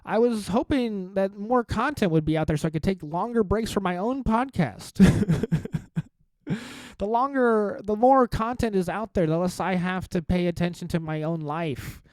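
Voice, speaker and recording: A man's voice: sits high, moderate pace, darkish tone, no echo. Rambling self-mocking man, dry close mic. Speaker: podcast host and stand-up comic. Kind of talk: casual solo podcast monologue.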